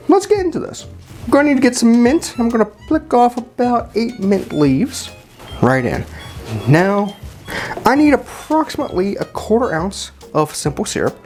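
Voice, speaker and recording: A man's voice: high-pitched, huge pitch swings, measured pace, a little mellow, soft background music. A man chattily walking through a cocktail tutorial at a home bar, informal and full of fillers and restarts. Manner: chatty and informal, with many fillers and self-corrections. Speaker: home bartender demonstrating cocktails.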